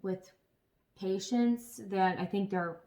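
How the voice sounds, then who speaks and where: A woman chatting casually to camera as a vlogger, telling stories in an animated way with some swearing. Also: medium pitch, slow pace, faint music behind.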